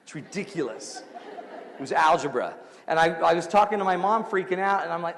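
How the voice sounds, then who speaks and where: A man hosting a radio show, then giving a lively motivational speech to a large audience, telling stories and acting out the dialogue. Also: a little high, a little fast, gravelly, pauses often, long reverb tail. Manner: animated storyteller, acts out dialogue, audience laughter. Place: large hall before an audience.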